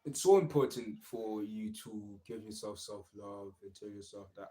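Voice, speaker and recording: A man's voice: lowish voice, moderate pace, few pauses, warm tone, rough recording. A young man, giving an earnest, encouraging motivational talk on a casual livestream and repeating his phrases. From South Africa. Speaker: livestream host.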